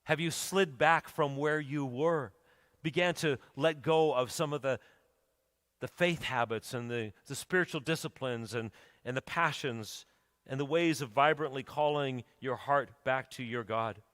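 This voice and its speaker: The recording, with church hall reverb, captures a pastor preaching in a sanctuary. His voice is mid-range, a bit bright, and unhurried, moving from storytelling to urgent, emphatic appeals.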